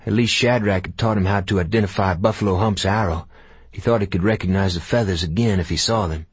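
Deep husky guy reading an audiobook, dry close sound. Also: steady tone, fast, no echo. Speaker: audiobook narrator. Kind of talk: audiobook narration.

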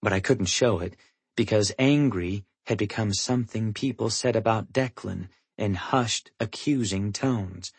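A man reading a first-person audiobook, in a measured, somber manner. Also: lowish voice, breathy edge, no echo. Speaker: audiobook narrator.

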